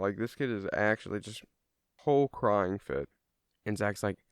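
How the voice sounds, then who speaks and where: Young man, low voice, smooth, dry close sound, rambling casual storytelling, swears freely. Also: a little slow, no room sound. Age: young adult.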